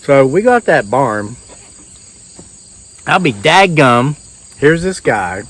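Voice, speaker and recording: A man's voice: medium pitch, big pitch swings, takes it slowly, a bit bright. A man telling a tall tale in a folksy, rambling drawl. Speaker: storyteller.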